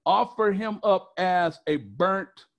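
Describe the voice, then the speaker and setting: A man's voice: sits high, expressive, slow pace, vocal fry, lo-fi sound. A male pastor preaching a sermon, emphatic and repetitive, prompting the congregation with questions.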